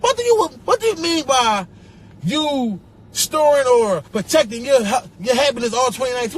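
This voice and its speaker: A man with a Philadelphia accent ranting on a phone livestream, animated and profane, mocking people in a put-on voice. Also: very high voice, normal speed. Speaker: social media personality. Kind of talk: livestream rant. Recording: phone livestream with faint background noise.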